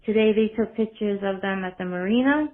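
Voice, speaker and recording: A woman's voice: mid-range voice, brisk. A woman leaving a polite, earnest voicemail question for a podcast, a little rambling. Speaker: caller. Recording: tinny phone line voicemail.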